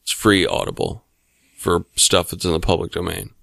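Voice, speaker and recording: A man's voice: low voice, steady tone, normal speed, vocal fry, fairly bright tone, dry recording, studio quality. A man from the United States in casual chat, rambling and swearing, full of fillers and restarts. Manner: rambling, profane, lots of fillers.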